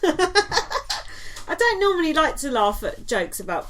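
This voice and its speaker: A woman co-hosting a podcast recaps in a casual, chatty way, peppering her talk with ums, likes, and giggly asides. Her voice sits high and sing-song, slow and a bit bright.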